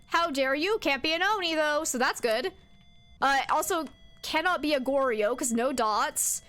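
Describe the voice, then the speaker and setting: A woman's voice: high voice, moderate pace, fairly bright tone. A young woman streaming a horror game, chatting to her viewers and talking back to the ghost with jumpy outbursts. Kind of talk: live game commentary.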